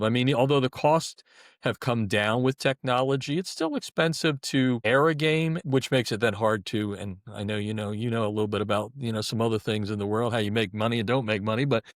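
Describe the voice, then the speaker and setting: A man's voice: lowish voice, no echo, studio quality. A middle-aged man talking as an interview guest, folksy and chatty, often restarting his sentences. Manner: talkative and folksy, with repeated restarts. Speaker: guest, sports website editor. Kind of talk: conversational interview.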